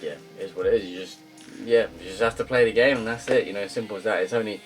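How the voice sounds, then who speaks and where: A young man giving casual, rambling commentary on his football game career, full of ums and uhs, with loud upbeat greetings. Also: lowish voice, fairly even intonation, fast talker. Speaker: gaming YouTuber. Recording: faint guitar music behind.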